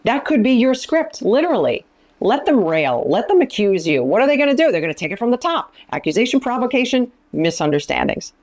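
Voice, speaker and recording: A woman's voice: on the high side, sing-song, a little fast, a little mellow. A middle-aged woman speaking as a ministry founder, teaching in an emphatic way and often repeating phrases for stress. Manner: emphatic, repeats phrases, acts out quoted lines. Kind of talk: teaching talk in an interview.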